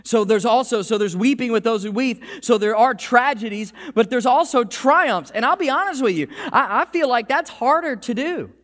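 A male pastor delivers his sermon in a high-pitched voice. He talks in an animated way, often restarting and repeating words, and his voice carries a lingering hall echo. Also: moderate pace, few pauses. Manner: animated preaching with frequent restarts. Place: church. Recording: hall reverb.

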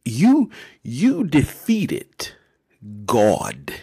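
A man's voice: a little high, huge pitch swings, very slow, gravelly, mellow, husky, voice pushed up, full character voice. A man voicing a tired, blunt male angel who has wrestled all night. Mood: solemn.

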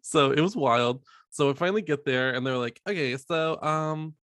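A man's voice: medium pitch, brisk, a bit bright, dry recording, clean studio sound. A man in his thirties co-hosting a podcast, telling a rambling story with many fillers and laughs. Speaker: podcast co-host. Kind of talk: casual chat.

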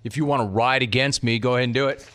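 A man hosting a sports talk radio show, bantering in an animated, mocking, rapid-fire way. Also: mid-range voice, a little hiss or hum.

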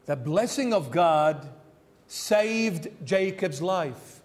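High-voiced man preaching a lively sermon. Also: unhurried, big-room sound. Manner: animated storytelling, acting out the characters. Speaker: bishop, preacher.

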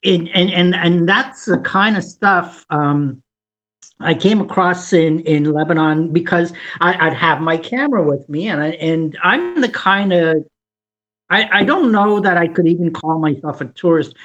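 Casual chat, travel stories, halting, repeats words, mid-pitched voice. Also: fairly bright tone, muffled recording.

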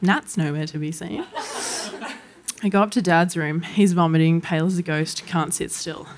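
A woman's voice: fairly low pitch, normal speed. Laughing Australian woman telling a story. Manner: lively, laughs through her lines. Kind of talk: comedic personal storytelling.

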